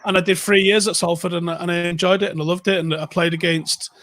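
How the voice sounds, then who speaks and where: A man, co-hosting a podcast and telling sporting stories in a casual, swearing, animated way. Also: high-pitched, fast. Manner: swearing, animated anecdotes with quoted voices. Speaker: podcast co-host. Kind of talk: casual storytelling chat.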